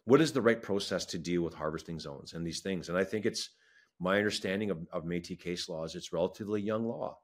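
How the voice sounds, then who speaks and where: A man's voice: deep voice, fast talker. A man from Manitoba, a wildlife federation science advisor, speaking earnestly and with feeling in an interview, repeating himself for emphasis. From Manitoba, Canada. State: emotional. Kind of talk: passionate interview talk.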